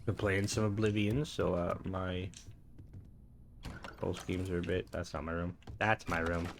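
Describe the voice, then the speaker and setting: A man's voice: sits low, flat delivery, unhurried, creaky, a little hiss or hum. Chatty man reviewing a game. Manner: chatty, thinks aloud, reacts to the game. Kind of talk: casual gameplay commentary.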